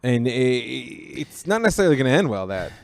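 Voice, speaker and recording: A man, a rabbi, talking on a podcast in a measured, analytical way. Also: mid-range voice, big pitch swings, creaky, a little mellow, dry recording. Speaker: rabbi co-host. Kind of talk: casual podcast conversation.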